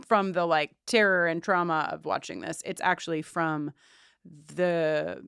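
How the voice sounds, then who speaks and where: A woman's voice: low voice, steady tone, measured pace, vocal fry, fairly bright tone, clean tone, no echo, clean studio sound. A woman co-hosting a podcast, talking earnestly in a casual, emotional way, with many restarts and fillers. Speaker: podcast co-host.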